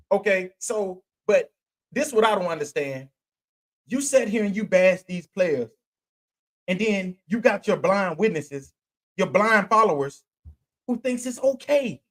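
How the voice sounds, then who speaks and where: A man hosting a podcast, ranting about college football in a blunt, slangy way, firing off rhetorical questions and restarting phrases as he goes. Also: high voice. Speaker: podcast host. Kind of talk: sports commentary rant.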